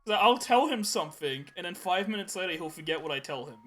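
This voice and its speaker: Young male podcast co-host, bright high-ish voice, casual and laughing, faint music bed. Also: lively intonation, fast. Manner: laughs often while telling rambling stories. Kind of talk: casual chat.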